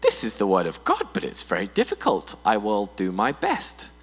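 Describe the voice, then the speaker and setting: A man preaches a sermon with a lively, swinging delivery, slipping in comic voices to make his point. His voice rings through a hall with a long reverb, and a faint mains hum sits underneath. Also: fairly low pitch, moderate pace, breathy edge. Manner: animated, playful, mimics voices for humor. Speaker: pastor. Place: church hall.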